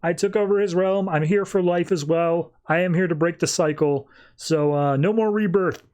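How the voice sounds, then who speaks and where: A man's voice: sits high, moderate pace, a little mellow, pitched above the performer's own voice, lightly acted. A man voicing a boastful male villain who wants to kill all the gods, talking bluntly in casual slang. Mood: gloating.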